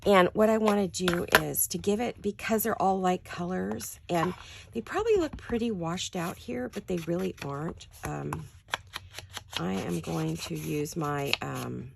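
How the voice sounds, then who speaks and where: An older woman speaks in a deep, raspy, gravelly voice, quiet and friendly, as if it is early morning. She chats casually to her viewers while crafting in her home studio, and a faint hiss sits under the recording. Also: unhurried. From California. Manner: quiet, chatty, addresses viewers directly. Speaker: crafting channel host.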